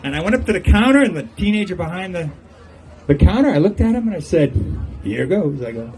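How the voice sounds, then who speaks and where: A man's voice: sits high, sing-song, unhurried, long pauses, crowd noise, low-quality recording. An older man giving a humorous farewell speech on an outdoor patio, telling jokey stories and chuckling at his own punchlines. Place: outdoor golf club patio.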